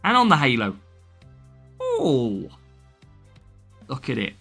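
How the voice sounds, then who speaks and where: A man's voice: medium pitch, wildly swooping pitch, slow, gravelly, long pauses, pushed and bright, faint music behind. An English man streaming a mobile racing game live, chatting casually, greeting viewers by name and laughing often. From England. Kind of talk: live gameplay stream, reading chat.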